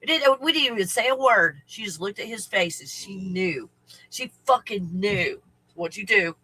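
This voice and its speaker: A man's voice: sits high, animated, moderate pace, sharp tone, slightly rough, poor audio. A man hosting a casual live stream, rambling through stories, laughing often, swearing freely and greeting viewers by name.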